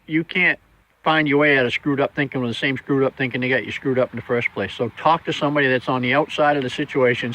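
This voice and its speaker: Blunt, bright-voiced motivational man. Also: a little high, rough recording. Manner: blunt, plainspoken, folksy. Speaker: motivational vlogger. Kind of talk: casual motivational talk.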